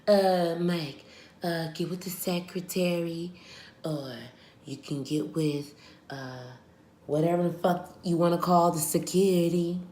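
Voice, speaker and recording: An American woman vlogger giving blunt, profane, animated commentary to her viewers. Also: lowish voice, measured pace, slight background noise. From United States. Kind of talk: ranting commentary. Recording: echoey room.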